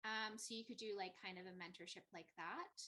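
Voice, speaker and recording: A woman's voice: mid-range voice, brisk, sharp tone, low-quality recording. A woman guest on an online panel, talking thoughtfully with many ums and likes over a video call. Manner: thoughtful, many fillers and hedges. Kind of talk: casual online panel chat.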